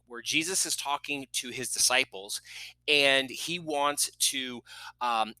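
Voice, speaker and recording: A man's voice: mid-range voice, sharp tone, clear, resonant tone, no room sound, rough recording. A middle-aged man hosting a podcast, telling a family story in a casual way with many fillers and restarts, and moved at times. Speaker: podcast host.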